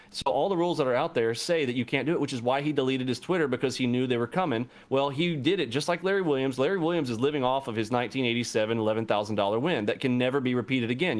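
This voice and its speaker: A man talking in casual chat, animated and profane, jumping into high-pitched outbursts when riled.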